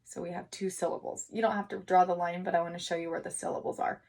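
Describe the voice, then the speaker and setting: A woman teacher giving a recorded writing lesson to young children, speaking slowly and encouragingly and sounding out syllables. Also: on the low side, little pitch movement, creaky, a little mellow. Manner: slow, encouraging, sounding out words for kids.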